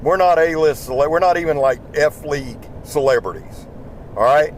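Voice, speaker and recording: A man's voice: on the high side, normal speed, slight background noise. Tired Southern man rambling while driving. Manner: rambling, folksy, swears freely. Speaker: YouTube knife channel host. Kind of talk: casual driving vlog chat. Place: inside a pickup truck while driving. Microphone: small microphone in the truck.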